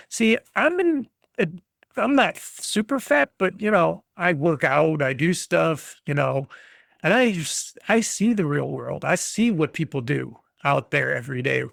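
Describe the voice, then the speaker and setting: A man's voice: a little high, gravelly, a bit bright, no room sound, studio quality. A middle-aged American man hosting a solo podcast, ranting bluntly and swearing freely. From United States. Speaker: podcast host.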